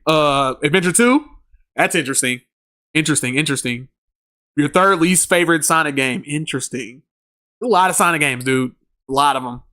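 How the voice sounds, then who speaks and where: A man's voice: a little high, bright, forceful tone, clean tone. A man streaming a game live, reading chat aloud in a laid-back, slangy way and laughing often.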